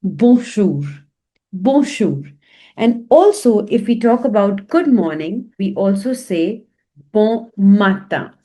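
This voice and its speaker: Young woman teaching super slow, mellow voice, says every word over and over. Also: mid-range voice, animated. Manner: repeats words slowly, breaking them into syllables. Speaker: French teacher. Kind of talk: slow language lesson.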